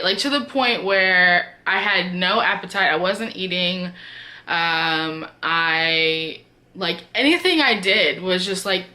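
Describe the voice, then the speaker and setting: A woman's voice: fairly low pitch, bright, forceful tone. A woman vlogger telling a personal story in a chatty, casual way, full of filler words.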